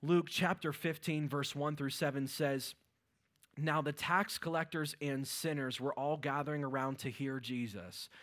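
Pittsburgh-accented male preacher, high and bright, full of energy from the pulpit. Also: measured pace. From Western Pennsylvania. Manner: energetic preaching with shouted exclamations. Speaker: pastor. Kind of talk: sermon.

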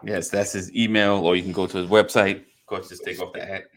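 A man with a low voice hosts a casual podcast, speaking briskly and flatly. He jokes and laughs with his guests before reading the sign-off plugs.

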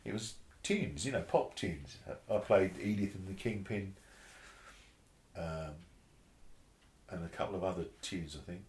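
A man, a bass player telling a story in a casual interview, animated and swearing freely, acting out the voices of others. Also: unhurried, a little hiss or hum. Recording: roomy echo.

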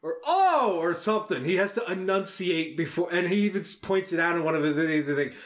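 A young man with a New York accent chats on a podcast, his voice sitting a little high for a man. He tells stories with animated energy and swears freely. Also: quick pace. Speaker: podcast co-host. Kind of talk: casual chat.

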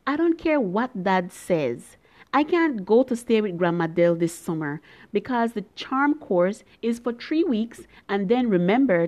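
A woman's voice: medium pitch, a little mellow, muffled recording. A woman reading a story in a young girl's voice, full of earnest, pleading questions to her mother. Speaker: reader.

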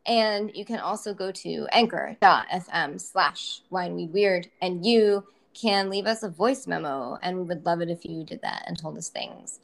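A woman's voice: lowish voice, normal speed, gravelly, hardly any pauses. A woman co-hosting a casual podcast, talking loosely with lots of swearing and eager plugs. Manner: loose, profane, enthusiastic plugging. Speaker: podcast co-host.

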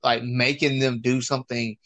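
A man's voice: medium pitch, flat delivery, moderate pace, fairly bright tone. A man co-hosting a casual comedy podcast, exclaiming a lot and cracking up with laughter. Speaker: podcast co-host. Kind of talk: casual comedic recap chat.

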